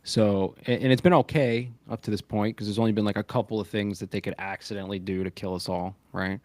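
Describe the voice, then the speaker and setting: A man's voice: fairly low pitch, fast, dry recording. A man co-hosting a podcast, talking casually and with animation, swearing freely and telling stories. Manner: animated, profane, storytelling with quoted voices. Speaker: podcast co-host.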